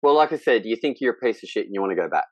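Man, halting and emotional. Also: fairly low pitch, animated, no room sound. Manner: emotional, halting retelling with many restarts. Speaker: podcast guest. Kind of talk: candid conversation.

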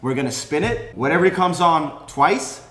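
Loud hyped young man, high voice. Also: expressive, moderate pace, a little hiss or hum. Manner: loud, hyped, often shouting and laughing. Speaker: YouTuber host. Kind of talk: excited group vlog banter. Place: salon room with friends. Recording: echoey room with group chatter.

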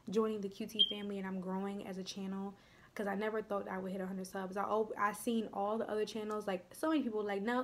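A young woman chatting casually to her viewers while eating on camera, often dropping her voice to soft, near-whispered asides. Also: mid-range voice, slight background noise. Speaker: mukbang vlogger.

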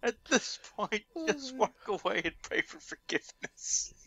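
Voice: mid-range voice, expressive, a little slow, bright, forceful tone. A player at a tabletop game, making teasing jokes. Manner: teasing, jokey. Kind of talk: casual tabletop play.

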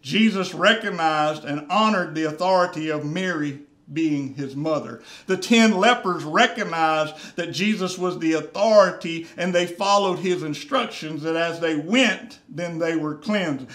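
High-voiced preaching man. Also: unhurried, few pauses, a bit bright. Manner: earnest preaching, repeating phrases for emphasis. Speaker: pastor. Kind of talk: sermon. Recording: roomy church echo.

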